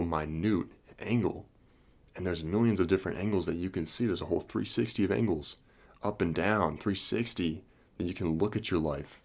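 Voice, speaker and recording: A man's voice: sits low, creaky. A young man giving a motivational self-help talk, telling a story in an earnest, repetitive way. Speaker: self-help video host.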